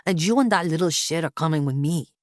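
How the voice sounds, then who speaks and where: A woman's voice: sits low, lively intonation, fairly quick, dry recording, studio quality. A woman voicing a threatening man in a werewolf costume in an audiobook, with a sneering delivery.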